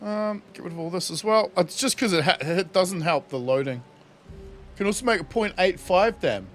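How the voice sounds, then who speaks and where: A man's voice: sits high, moderate pace, a bit bright, soft background music. A young man casually commenting on his game during a livestream, laughing often and swearing freely. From New Zealand. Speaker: streamer.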